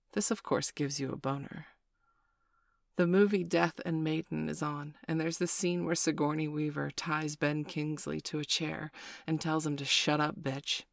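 Woman, mid-pitched, gravelly; dry close read of an intimate first-person story. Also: no room sound.

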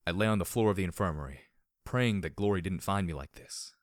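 A man reading a first-person story aloud, measured and wry. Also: low-pitched, no room sound, clean studio sound. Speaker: audiobook reader.

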